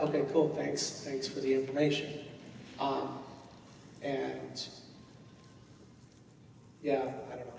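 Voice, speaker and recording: Male panel guest, forties, gravelly, jokey rambling delivery, long hall reverb, distant mic, faint hiss. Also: medium pitch, dark tone. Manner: joking, self-mocking, rambling with many fillers. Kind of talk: comedic convention Q&A storytelling. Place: large convention hall. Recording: echoey hall recorded from afar.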